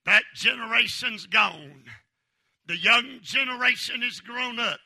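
A man preaching a revival sermon, fervently shouting, swinging between loud bursts and hushed lines, and calling on the congregation for amens. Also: high-pitched, expressive, normal speed, creaky.

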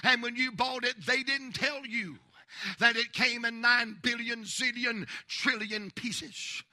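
A preacher with a very high, sharp and bright voice delivers an impassioned sermon. He swings between folksy storytelling and rising, shouted declarations. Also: steady tone, slow. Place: church.

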